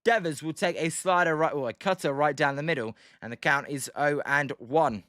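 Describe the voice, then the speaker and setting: A man's voice: a little high, normal speed, no room sound, clean studio sound. A British man doing live play-by-play commentary of a baseball game on his stream, joking and answering viewers in the chat. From Britain. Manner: excitable, jokey, reads out and answers chat viewers.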